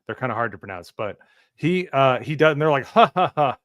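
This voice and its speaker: A man's voice: mid-range voice, lively intonation, a little fast, fairly bright tone, dry recording, studio quality. Rambling man giving his movie take. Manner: rambling, many fillers and restarts. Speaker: movie review co-host. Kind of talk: casual live movie review chat.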